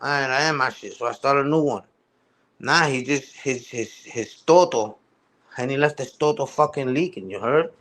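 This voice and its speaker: A man's voice: mid-range voice, normal speed, fairly bright tone. A man hosting a live stream, ranting heatedly with profane street slang. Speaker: livestream host. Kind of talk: casual livestream rant.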